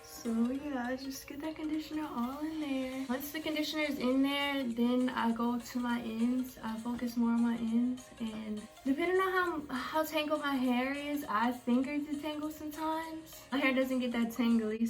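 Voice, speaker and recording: A woman's voice: high-pitched, normal speed, hardly any pauses, faint music behind. A young woman chatting casually to her viewers as she walks them through her hair-care routine. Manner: chatty, talks straight to viewers. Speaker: beauty vlogger.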